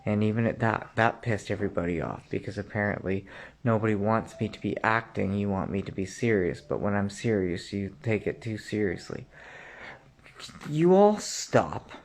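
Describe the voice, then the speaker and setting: A man delivering an angry, profane rant straight to the listener, often clearing his throat and rising to shouts. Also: on the low side, brisk, slight background noise. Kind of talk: angry direct-to-camera rant.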